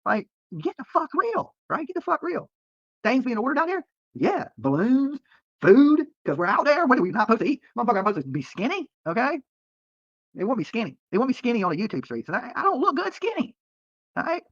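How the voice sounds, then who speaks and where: His voice very high and swinging hugely in pitch, a man rants at a quick pace to his live stream viewers from the side of a road near a protest. He's profane, rambling and defensive, often tacking on "okay?". The recording is dry but muffled.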